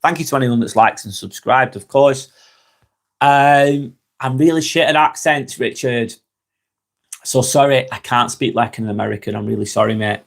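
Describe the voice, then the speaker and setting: A man's voice: mid-range voice, normal speed, creaky. A young man hosting a casual live stream, reading viewers' comments aloud and answering them frankly and chattily.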